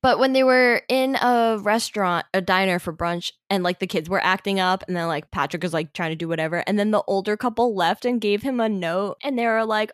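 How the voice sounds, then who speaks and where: A woman's voice: medium pitch, fairly quick, few pauses, no room sound, studio quality. A young woman, a student, chatting casually about a book on a review podcast, talkative with hesitant asides.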